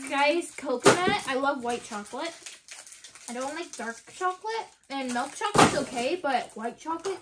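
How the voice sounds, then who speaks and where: A young woman vlogging with a high voice that swoops up and down as she talks. She chatters excitedly and keeps calling out to her viewers. There is clear noise behind her in the recording. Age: young adult. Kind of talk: casual chat to camera.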